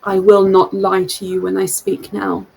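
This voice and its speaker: A woman's voice: mid-range voice, completely flat delivery, creaky, darkish tone, breathy edge, heavily acted, poor audio. A woman voicing a nervous cloaked man. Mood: confessing. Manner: earnest, pleading, halting. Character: secretive nervous cloaked man, haunted by a lost love.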